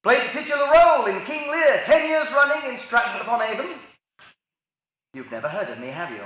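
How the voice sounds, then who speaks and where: A man's voice: extremely high pitch, sing-song, fairly quick, fairly bright tone, exaggerated voice. A man playing a pompous, condescending English stage actor in a theatrical manner. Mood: haughty. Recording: echoey theater stage with faint noise.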